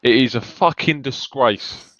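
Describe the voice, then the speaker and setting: A man's voice: mid-range voice, a little slow, a bit bright, no echo. Co-host, indignant, stumbles over his words, dry, dull audio. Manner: indignant, stumbles and restarts when worked up. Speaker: fan channel co-host. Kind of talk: heated football fan discussion.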